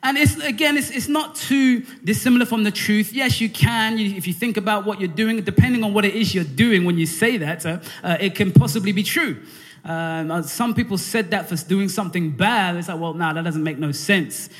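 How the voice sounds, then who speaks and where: Man, preacher, high voice, long hall reverb, conversational sermon with fillers, call-and-response energy. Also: fairly quick. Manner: conversational, with frequent fillers and restarts. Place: church.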